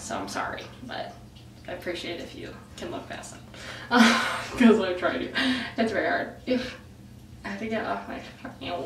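A woman's voice: medium pitch, far from the mic, a little hiss or hum. A young woman vlogging in a casual, rambling way, full of "like" and "um", breaking off mid-sentence. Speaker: beauty vlogger. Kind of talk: casual rambling chat to camera. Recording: roomy echo, voice off-mic.

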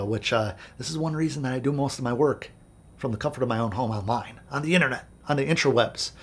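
A man with a slightly husky, mid-range voice tells a story straight to camera. He talks casually and candidly, swears freely and rambles with restarts. He sounds like a music producer vlogging. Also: mid-range voice. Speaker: music producer and video host.

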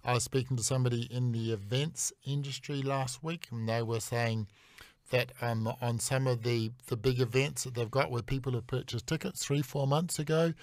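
A man's voice: mid-range voice, steady tone, normal speed, no echo, studio quality. A man on a political panel, wry and hesitant, restarting his sentences.

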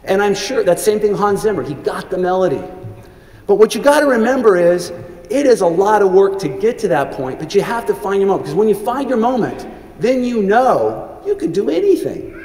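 A man's voice: high-pitched, sing-song, a little fast, darkish tone. A middle-aged man giving a commencement speech, telling earnest stories with frequent restarts. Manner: earnest, anecdotal storytelling with many restarts. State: briefly choked up with emotion. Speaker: commencement speaker. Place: large hall. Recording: echoey hall, reverberant.

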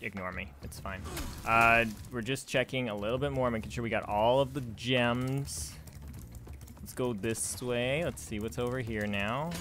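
A young man talks through his game unhurriedly in a mid-range voice as a streamer doing casual let's-play commentary, chatty and prone to distraction. Background noise can be heard.

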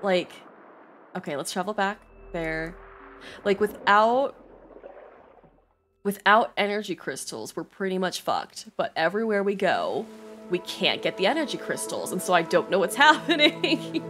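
A woman's voice: medium pitch, very animated, a little slow, fairly bright tone. Stressed, swearing woman streamer. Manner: stressed, swears often, laughs, reads game text aloud. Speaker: streamer playing a video game. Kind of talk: casual gameplay commentary. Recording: faint game music behind.

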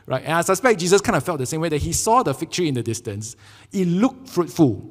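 Young Singaporean male pastor, animated storyteller, slightly higher voice, long church reverb. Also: quick pace. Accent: Singaporean English. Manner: animated storytelling with frequent "right?" tags. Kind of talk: sermon. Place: church sanctuary.

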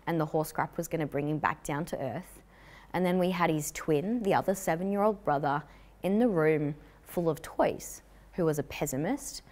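A woman's voice: low-pitched, darkish tone. A woman giving an upbeat, jokey live talk to a young audience as a motivational speaker.

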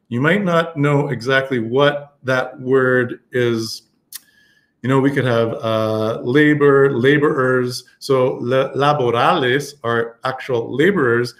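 A man teaching a Spanish lesson on a live stream, talking casually with many fillers and restarts. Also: mid-range voice.

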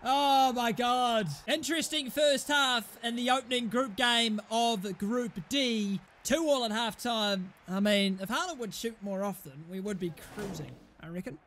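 A young man commentating his football video game match, excitable and often shouting and swearing at his teammates. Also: extremely high pitch, a little slow, hardly any pauses, a little hiss or hum. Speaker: gaming YouTuber. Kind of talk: live gameplay commentary.

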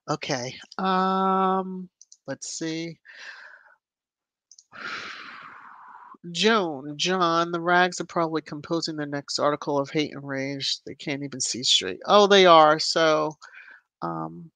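A woman hosting a casual livestream, chatting and greeting viewers by name with lively rises in her voice. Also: deep voice, slow, no room sound. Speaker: livestream host. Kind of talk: casual live chat reading viewer comments.

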